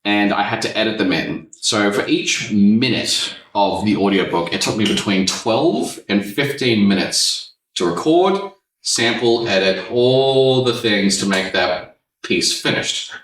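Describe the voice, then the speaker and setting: Low-voiced man, echoey room. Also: unhurried, distant mic, slight background noise. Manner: relaxed, rambling storyteller. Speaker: podcast host and voice actor. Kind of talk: casual podcast chat. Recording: echoey room, a bit off-mic.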